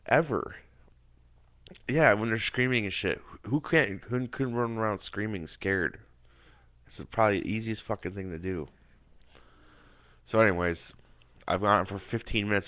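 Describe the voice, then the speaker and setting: Rambling, cursing man, low and dry. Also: moderate pace, a bit bright, no room sound. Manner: rambling, profane, filler-heavy. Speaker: amateur film reviewer. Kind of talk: casual monologue review.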